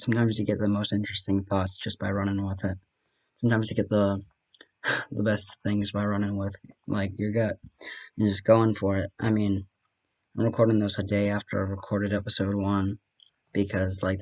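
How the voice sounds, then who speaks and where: A man's voice: on the low side, highs cut off. A young man from Wisconsin with a light Wisconsin accent, rambling chattily and self-deprecatingly in a solo monologue, bantering with himself. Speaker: podcast host.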